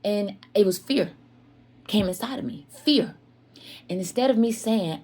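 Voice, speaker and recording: A woman's voice: medium pitch, measured pace, long pauses, mellow. A woman telling a candid personal story to her viewers in an earnest, confessional way. She repeats herself for emphasis and often speaks to her listeners as "y'all.".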